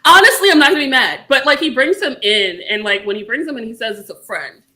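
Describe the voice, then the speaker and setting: A woman's voice: on the high side, lively intonation, quick pace, sharp tone. A young woman chatting casually, animatedly retelling a story with swearing and acted-out quotes. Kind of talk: casual chat.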